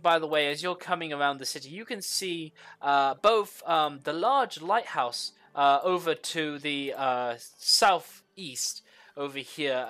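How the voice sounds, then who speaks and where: A man narrating as the game master of a tabletop game, pausing often with fillers while he describes scenes. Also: a little high, pushed and bright.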